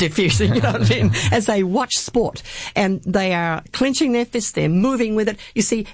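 Her voice is medium-pitched and the recording dry. She is a guest speaker in an interview, earnestly telling a personal faith testimony and quoting scripture.

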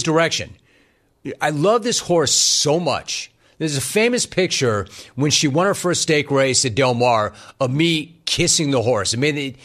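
Animated emphatic male talk show host. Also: fairly high pitch. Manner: emphatic, riffs and rants, acts out quotes. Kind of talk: animated sports talk monologue.

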